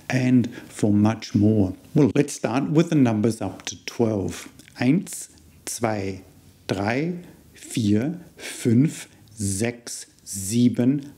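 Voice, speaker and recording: A man's voice: medium pitch, warm tone. A man with an Australian accent, a university lecturer giving a beginner language lesson and patiently explaining each sound. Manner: patient, explains sounds step by step and repeats words slowly.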